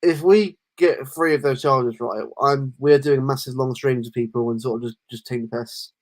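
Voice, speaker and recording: A man's voice: mid-range voice, fairly even intonation, normal speed. Guy ranting about football on a podcast, lots of restarts. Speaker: podcast co-host. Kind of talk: casual football chat.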